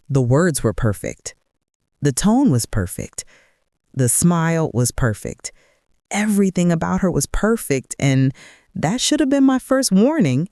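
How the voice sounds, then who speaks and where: A woman in her sixties tells a first-person story in an earnest, reflective voice, leaning on dramatic pauses. Her pitch swings widely, and the close, dry recording carries a mellow tone. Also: big pitch swings, no room sound. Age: 60s.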